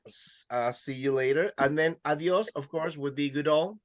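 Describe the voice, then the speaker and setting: A man's voice: on the high side, normal speed, over a noisy crowd. A man teaching a beginner Spanish class, counting students in and praising their answers. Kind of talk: classroom language lesson.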